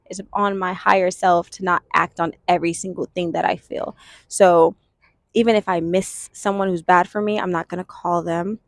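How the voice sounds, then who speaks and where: A woman in her twenties talking earnestly and thoughtfully to camera in a reflective self-help vlog, pausing and restarting as she works through her thoughts. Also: on the low side, steady tone, no room sound. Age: 20s. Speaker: vlogger.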